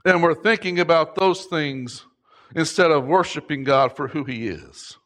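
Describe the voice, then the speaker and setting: A middle-aged man preaching a sermon, impassioned, rising to shouts at its peaks. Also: on the high side, measured pace. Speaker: pastor.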